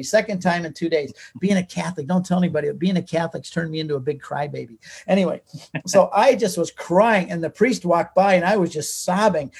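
Husky, high-voiced older man. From United States. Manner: animated, emotional storyteller. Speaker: guest author. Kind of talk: personal storytelling.

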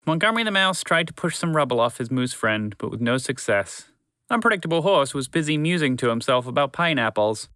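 A man narrating a children's story in a calm, measured, friendly way. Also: mid-range voice, smooth, dry recording.

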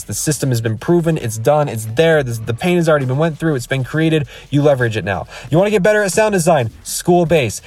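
Recorded on an iPhone in his car, a podcast host in his thirties goes on an emphatic, repetitive motivational rant, wandering off and restarting. His voice is fairly high with a darkish tone.

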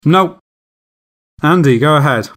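A man's voice: a little high, animated, takes it slowly, fairly bright tone. A man hosting a casual quiz among friends, playful and often laughing. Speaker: quizmaster.

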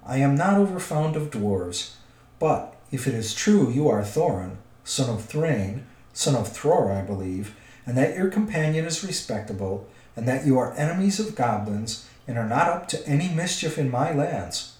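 A man voicing a gruff, blunt, impatient big man who growls his words, in a roomy recording. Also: mid-range voice, expressive, moderate pace, a little mellow, natural voice. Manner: growling, curt. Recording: roomy echo.

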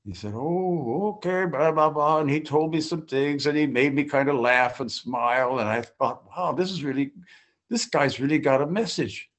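A man's voice: mid-range voice, normal speed, fairly bright tone. An older man sharing his personal recovery story at a group meeting, folksy and full of restarts and acted-out quotes.

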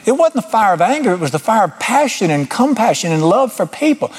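A middle-aged man preaches in a loose, folksy way. His voice sits fairly high and sounds husky. He is blunt, jokes at his own expense, and his voice jumps up when he drives a point home. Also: very animated, brisk. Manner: folksy, blunt and self-deprecating, with sudden emphatic rises. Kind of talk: informal sermon.

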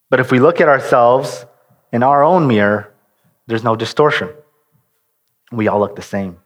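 A man's voice: medium pitch, moderate pace, long pauses. A man preaching a sermon in an earnest way, often restarting sentences and drawing out key words. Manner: restarts and rephrases mid-sentence.

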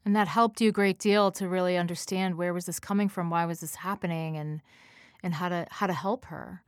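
Low-voiced woman radio host. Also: fairly even intonation, fairly quick, no room sound, clean studio sound. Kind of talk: radio interview.

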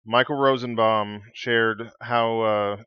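A man's voice: mid-range voice, fairly even intonation, slow, clear, resonant tone, no room sound, dull audio. A man on a podcast panel, telling a story in casual chat.

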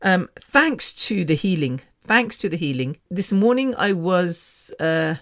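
A woman's voice: fairly low pitch, lively intonation, a little slow, a bit bright. A woman hosting her own podcast in a casual personal monologue, frank and candid with mild swearing, rambling with frequent restarts. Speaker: podcast host.

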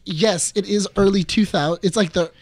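A man in casual movie chat with friends, animated, acting out lines from films and laughing often. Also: high voice, normal speed, no echo.

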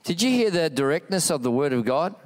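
A man's voice: a little high, sing-song, fairly quick. A man preaching a sermon in a church, passionate, with repeated exhortations and a rising and falling delivery. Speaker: pastor.

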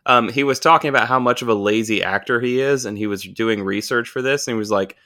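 A man hosting a podcast in casual chat, animated and joking, swearing heavily. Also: mid-range voice, fast talker. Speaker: podcast host.

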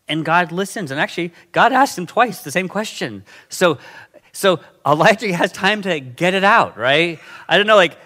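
A middle-aged man delivers a sermon with a somewhat high, bright and forceful voice. He keeps it conversational and animated, stopping to check in with the congregation. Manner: conversational, animated, frequent "okay?" and "right?" check-ins. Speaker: pastor.

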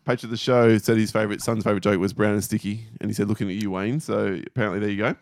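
A man's voice: fairly low pitch, fairly even intonation, very fast, no room sound, studio quality. A middle-aged man, co-hosting a podcast and reading out listener jokes with frequent laughter. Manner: laughs often, swears casually. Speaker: podcast co-host. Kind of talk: casual chat, reading listener jokes aloud.

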